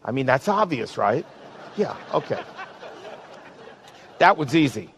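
A man, a pastor, preaching a sermon and then leading a slow, pleading prayer. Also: mid-range voice, big pitch swings, creaky, a bit bright, slight background noise. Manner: earnest, pleading, slows for emphasis.

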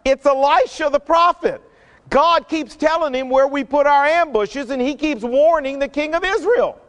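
A man's voice: extremely high pitch, moderate pace, a bit bright, pitched above the performer's own voice. A man voicing a matter-of-fact male royal advisor explaining to his king. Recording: long hall reverb.

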